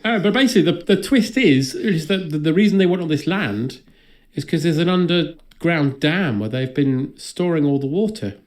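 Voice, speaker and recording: Dry, sardonic podcast host. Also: male voice, on the high side, lively intonation, moderate pace, few pauses. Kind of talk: comedic film recap.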